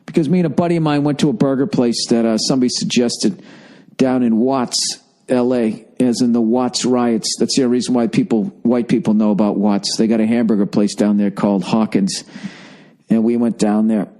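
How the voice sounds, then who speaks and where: Tired forties male podcast host, rambling profane monologue, warm low timbre. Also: fairly quick. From United States. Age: 40s. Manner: rambling, profane storytelling with lively acted-out quotes. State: lethargic, tired. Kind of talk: solo comedic monologue.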